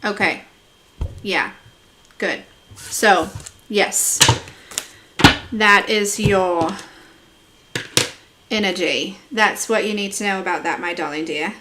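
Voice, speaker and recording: A woman's voice: medium pitch, takes it slowly, pauses often, very noisy. A woman giving a live-streamed tarot reading from home, chatty and affectionate, calling viewers darling and laughing often. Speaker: tarot reader. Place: at home with a dog.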